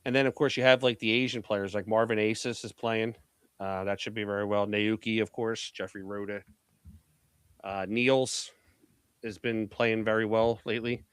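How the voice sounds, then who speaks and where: A man's voice: on the low side, little pitch movement, normal speed, clean tone, no room sound. Brash, profane man from Philly. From Philadelphia. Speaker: pool media executive, guest. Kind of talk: casual podcast chat.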